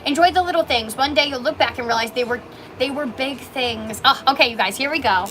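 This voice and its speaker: The speaker, a Canadian woman who owns a small coffee shop, is on a livestream indoors at the shop, bubbling and gushing emotionally as she reads viewer comments. Her voice is high-pitched, fairly quick, and fairly bright, and there's slight background noise.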